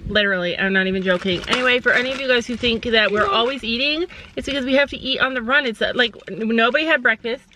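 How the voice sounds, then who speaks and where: A chatty woman vlogs from outdoors at a horse barn, holding the camera herself. Her voice sits a little high, with some faint background noise, and she talks gently and reassuringly to her horse between asides to viewers. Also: quick pace, hardly any pauses, rough recording. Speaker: vlogger and mother. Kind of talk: casual vlog narration.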